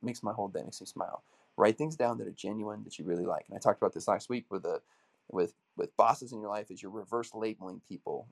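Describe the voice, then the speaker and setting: A man's voice: on the low side, gravelly. A man coaching an audience in a motivational talk, telling stories energetically and acting out the dialogue. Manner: energetic storytelling, acts out quoted dialogue.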